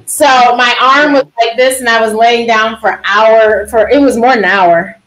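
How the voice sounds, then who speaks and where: A middle-aged woman with a high voice tells a story on a panel. She is a doctor. She is animated and laughs often. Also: normal speed, poor audio.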